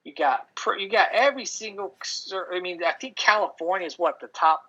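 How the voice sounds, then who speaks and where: A man's voice: high voice, expressive, brisk, pushed and bright, slightly rough. A middle-aged man chatting casually on a podcast, telling rambling stories full of restarts and "dude". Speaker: podcast co-host. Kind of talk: casual chat. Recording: dull lo-fi audio.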